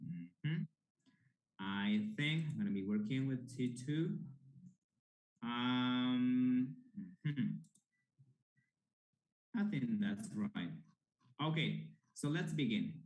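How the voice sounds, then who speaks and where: Halting man teaching an online class. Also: mid-range voice, animated, darkish tone, roomy sound. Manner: halting, many restarts and fillers. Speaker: English teacher.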